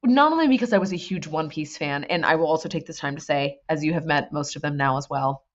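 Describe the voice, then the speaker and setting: A woman in her thirties, a voice actor guest on a casual podcast, talking in an emotional, gushing and animated way. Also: low voice, fast talker, dull audio. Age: 30s.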